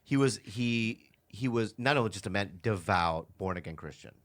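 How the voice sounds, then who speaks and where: A male podcast co-host telling a funny story in casual chat, halting and restarting and laughing into his punchlines. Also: lowish voice, lively intonation.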